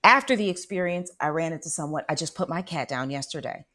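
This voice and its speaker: Animated woman telling a dramatic story. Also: sits low, quick pace. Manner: animated, dramatic, often checks in with listeners. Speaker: spiritual radio show host. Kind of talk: personal storytelling monologue.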